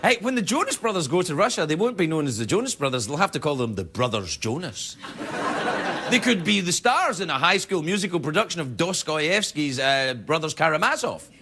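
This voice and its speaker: A man's voice: on the high side, sing-song, fairly quick, very noisy. A man hosting a late-night talk show, delivering a joking comedy monologue with self-mocking asides in a TV studio. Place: TV studio with a live audience. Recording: loud studio audience laughter.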